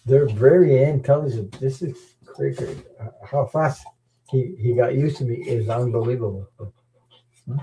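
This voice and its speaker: Middle-aged male host, warm relaxed voice, rambling easy chat with chuckles and restarts. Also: medium pitch, moderate pace, a little hiss or hum, rough recording. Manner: rambling, chuckling, repeats words. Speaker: tarot channel host. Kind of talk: casual chat.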